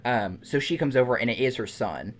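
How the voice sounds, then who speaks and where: Male podcast host, mid-pitched, recaps film scenes haltingly, lots of ums, casual. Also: lively intonation, a little hiss or hum. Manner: hesitant, many ums and restarts while retelling the plot. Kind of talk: casual movie review chat.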